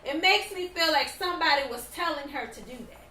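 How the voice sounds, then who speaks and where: High bright woman co-host going off on her opinions, sounds a bit far from the mic in an echoey room. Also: brisk, few pauses. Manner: opinionated, animated, often acts out quotes. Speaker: podcast co-host. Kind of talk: casual chat.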